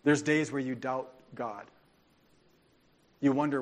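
A man preaching a sermon as pastor, speaking in an animated, informal way with restarts and asides. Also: medium pitch, slow, long pauses. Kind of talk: conversational sermon.

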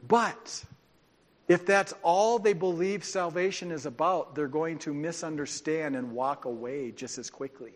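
A man preaching a sermon as pastor, speaking in an animated, informal way with restarts and asides. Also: fairly high pitch, normal speed, few pauses. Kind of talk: conversational sermon.

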